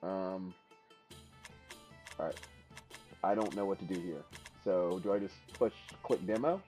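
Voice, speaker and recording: A man streaming a game for the first time, commentating excitedly, laughing and trash-talking his opponent. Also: low voice, measured pace, soft background music. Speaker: gaming streamer. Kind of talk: casual live gameplay commentary.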